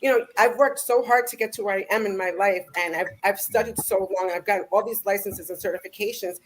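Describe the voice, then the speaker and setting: A woman who runs a repair shop, telling an animated story on a casual video call. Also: medium pitch, quick pace, slight background noise, poor audio. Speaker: shop owner. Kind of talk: casual panel chat.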